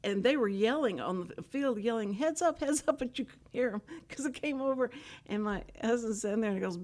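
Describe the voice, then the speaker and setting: A woman's voice: a little high, a little fast. Chatty older woman host. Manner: rambling, animated storytelling with asides. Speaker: talk show host. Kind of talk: casual chat.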